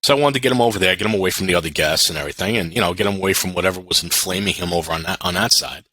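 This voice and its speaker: A man in his fifties from Brooklyn, a podcast guest telling lively restaurant stories and acting out the voices of the people in them. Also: low-pitched, rapid-fire, dry recording. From Brooklyn, New York. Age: 50s. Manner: animated, acts out other people's voices, repeats words when starting. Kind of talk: casual storytelling.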